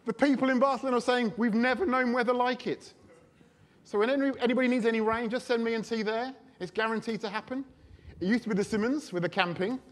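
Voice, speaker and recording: A man's voice: very high voice, fast. Chatty man preaching. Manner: anecdotal, animated, chatty storytelling. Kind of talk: sermon storytelling.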